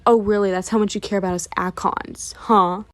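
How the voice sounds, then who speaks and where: A woman's voice: mid-range voice, fairly even intonation, a little fast, close to an everyday voice. A woman voicing an angry young man who speaks in an accusing, bitter way.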